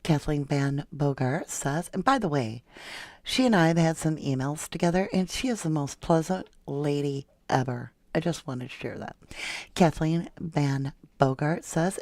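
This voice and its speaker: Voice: medium pitch, unhurried, darkish tone, dry recording. A true crime livestream host talking casually and sarcastically, reading out viewer comments and answering them. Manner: chatty, sarcastic, reads viewer comments aloud. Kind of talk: casual live-chat commentary.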